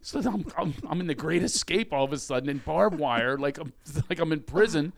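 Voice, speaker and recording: A man's voice: on the high side, animated, fairly quick, vocal fry. A man animatedly telling a story in casual chat with a friend, often laughing.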